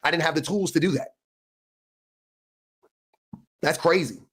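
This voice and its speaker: A man's voice: a little high, measured pace, fairly bright tone, husky. A man talking earnestly in a casual clip, repeating himself as he works through a point. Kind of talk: casual talk on a played clip.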